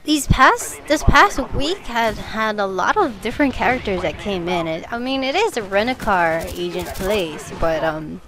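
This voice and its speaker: A woman's voice: medium pitch, expressive, normal speed, few pauses. A young woman chatting casually over gameplay, telling work stories and giggling often. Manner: giggly, laughs through her stories. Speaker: gaming video commentator. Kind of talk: casual gameplay commentary storytelling.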